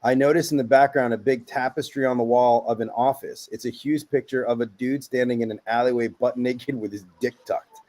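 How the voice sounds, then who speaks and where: A man's voice: medium pitch, steady tone, fairly quick, dark tone. Easygoing male podcast host. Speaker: podcast host reading listener stories. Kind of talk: casual chat and reading aloud.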